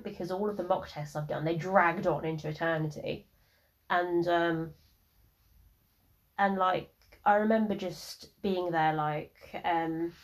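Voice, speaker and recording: A young woman in her early twenties, hosting her podcast and telling a personal story in a frank, rambling way with lots of swearing. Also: lowish voice. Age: early 20s. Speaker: podcast host.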